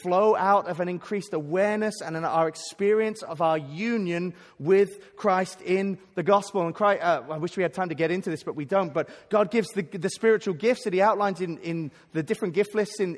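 A man delivers a sermon in an earnest, emphatic way, often stumbling and restarting mid-phrase. His voice sits high for a man. The sound carries the long reverb of a large hall. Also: a little fast, hardly any pauses. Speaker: preacher. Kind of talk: sermon at a conference.

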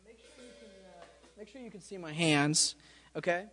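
A man's voice: high-pitched, lively intonation, normal speed, a bit bright. Casual man teaching a drum lesson. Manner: casual, checks understanding with frequent "okay?". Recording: reverberant room with drums playing.

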